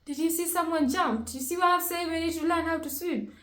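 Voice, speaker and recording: A woman's voice: very high voice, steady tone, brisk, a bit bright. A woman hosting a reaction video, talking casually and emotionally, exclaiming often and thinking aloud. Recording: roomy echo with faint music.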